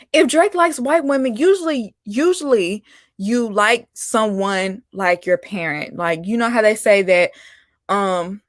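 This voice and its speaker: Sassy animated woman ranting. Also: medium pitch, no room sound, clean studio sound. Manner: animated and sassy, laughing, calling out with "honey" and "baby". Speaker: vlogger host. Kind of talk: casual opinion rant.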